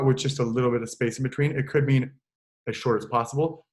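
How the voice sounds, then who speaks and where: Speaking fairly quickly in a medium-pitched voice, a male choir director explains things in a relaxed way during an online choral lesson. Now and then he sings brief examples into his computer mic.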